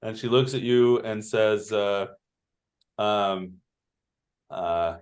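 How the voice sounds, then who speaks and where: A man narrating as game master, pausing often with fillers and restarts. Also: fairly low pitch, smooth. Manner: halting, many fillers and restarts.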